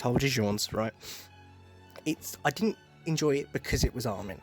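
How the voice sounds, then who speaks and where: A young man hosting a solo podcast in a loose, rambling way. He keeps cutting himself off with side jokes and second thoughts, at a middle pitch, with faint music underneath. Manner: rambling, self-interrupting, joking asides. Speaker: podcast host. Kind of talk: casual solo podcast talk.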